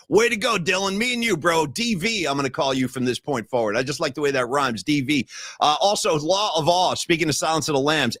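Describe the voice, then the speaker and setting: A man with a fairly high speaking voice hosts a casual podcast, telling animated stories and dropping bro and dude as he goes. The sound is dry and close with no room echo. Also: fairly quick. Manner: animated storyteller, calls people bro and dude. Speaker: podcast host. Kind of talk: casual sports and music chat.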